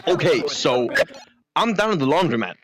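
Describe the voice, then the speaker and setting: A man telling long deadpan joke stories that all end on the same pun, rambling with many fillers and restarts. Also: on the high side, normal speed, crowd noise. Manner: rambling, filler-heavy, repeats the same punchline. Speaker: joke teller.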